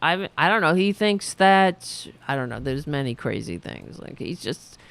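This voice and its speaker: A woman's voice: deep voice, animated, normal speed, creaky, a bit bright, clean tone. A woman hosting a political podcast, talking in a casual, exasperated, rambling way and swearing freely. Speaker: podcast host.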